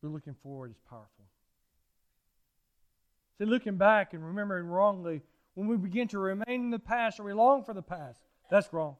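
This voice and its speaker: A middle-aged preacher with a notably high voice. He tells folksy, animated stories from the pulpit, circling back to repeat his points. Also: fairly quick, pauses often, muffled recording. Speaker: pastor. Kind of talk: sermon.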